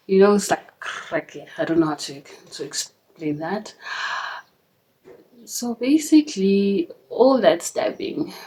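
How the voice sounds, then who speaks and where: A young woman telling a personal story to camera in an earnest, emotional way, with fillers and soft nervous laughs. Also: mid-range voice, rough recording. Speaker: vlogger.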